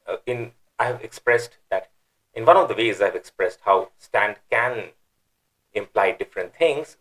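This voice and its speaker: Man, Quran grammar teacher, mid-pitched voice, pauses and restarts, slow stressed words. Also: fairly bright tone, low-quality recording. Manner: thinks aloud, with fillers and restarts; stresses words, breaks them down slowly. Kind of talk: explaining Arabic grammar.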